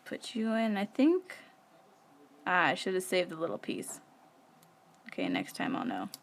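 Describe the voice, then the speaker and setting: A woman's voice: fairly low pitch, sing-song, normal speed, vocal fry, fairly bright tone, a little hiss or hum. A woman, chatting casually while she works on her planner during a live stream, rambling with many fillers. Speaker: planner vlogger. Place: home.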